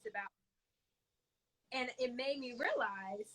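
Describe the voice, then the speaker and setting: A young woman guest in a casual interview, expressive and animated, often quoting her own thoughts. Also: sits high, unhurried, crowd noise. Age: young adult. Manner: expressive, animated, quotes herself, laughs often.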